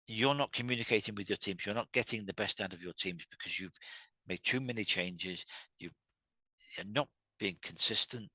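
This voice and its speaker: Sharp in tone and fairly low in pitch, this male host gives a solo talk about communicating at work, with no room sound in the recording. His delivery is chatty and full of restarts, and he performs quoted dialogue with heated, raised voices.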